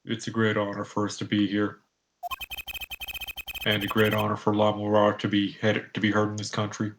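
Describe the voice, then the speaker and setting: A polite, stiff male manager and interpreter from a game addresses his hosts formally, as a man reads him in a fan playthrough. His voice sits at a middle pitch, with faint noise behind it. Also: completely flat delivery, moderate pace, lightly acted.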